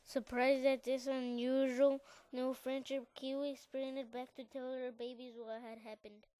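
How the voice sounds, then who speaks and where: A woman reading a class-written picture story aloud in a careful, halting way. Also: sits high, level tone, dark tone, dry recording.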